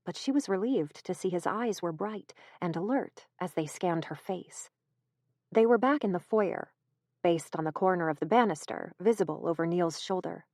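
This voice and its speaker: A woman reading a horror audiobook in a measured, even storytelling manner, close to the mic. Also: on the low side, no echo. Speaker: audiobook narrator. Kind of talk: scripted narration.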